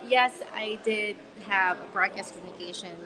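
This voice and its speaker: A woman's voice: medium pitch, moderate pace, noisy background. A woman from the Philippines in her forties, a coach talking casually and upbeat on a live stream filmed with a phone on a tripod, laughing often. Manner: chatty and upbeat, with frequent laughs and fillers. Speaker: confidence coach. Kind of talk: live-stream talk to followers. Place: shopping mall, in a public space. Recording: phone live-stream with mall crowd behind. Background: crowd of shoppers.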